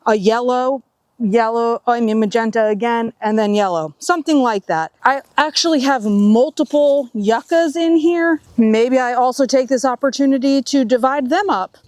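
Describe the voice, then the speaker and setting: A woman's voice: fairly high pitch, normal speed, a little mellow, no room sound. A woman hosting a gardening vlog outdoors, talking casually while she works on a flowerbed, a bit out of breath from digging. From Southeastern United States. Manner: chatty, thinking aloud while working. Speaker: gardening channel host.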